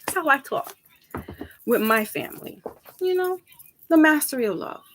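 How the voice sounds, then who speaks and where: A woman tarot reader chatting casually with her viewers, rambling from topic to topic, laughing easily and jumping up high for emphasis. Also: animated, moderate pace, a little hiss or hum. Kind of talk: casual chat with viewers before a reading.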